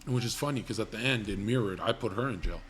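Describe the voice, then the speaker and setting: A man's voice: on the low side, fast talker, slight background noise. A young man hosting a livestream, telling crude comedic stories in a blunt, rambling, profane way. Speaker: livestream host.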